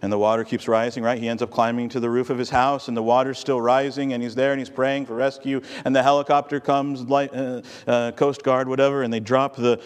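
A man's voice: mid-range voice, level tone, brisk, few pauses, clean tone. A man pastor delivering a sermon in a conversational, storytelling way to a congregation. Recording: long hall reverb.

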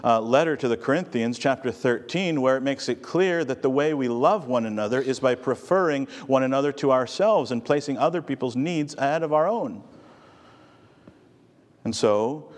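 A male pastor preaching in an easy, conversational storytelling manner. His voice sits at a middling pitch. The sound carries a long hall reverb. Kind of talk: sermon.

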